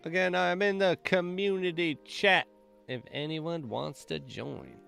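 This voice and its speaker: A man's voice: on the high side, measured pace, vocal fry, fairly bright tone, faint music behind. A man hosting a game stream, chatting casually and joking, with lots of "like" in his speech. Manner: rambling, joking, heavy use of "like". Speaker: gaming stream host.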